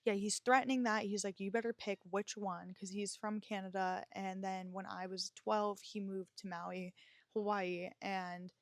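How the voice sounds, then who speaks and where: A woman's voice: medium pitch, steady tone, a little slow, no echo. A young woman hosting a podcast, telling a personal story in a frank, emotional way, swearing freely and using lots of fillers. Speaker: podcast host.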